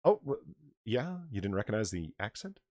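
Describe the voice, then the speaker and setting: A man's voice: on the low side, sing-song, normal speed, darkish tone, no echo, clean studio sound. A man hosting a casual livestream chat, sarcastic and profane. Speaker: host.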